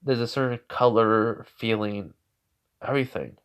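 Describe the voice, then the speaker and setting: A man's voice: fairly low pitch, measured pace, smooth. A man narrating an improvised fan story in a rambling way, full of fillers and restarts. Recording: dull lo-fi recording.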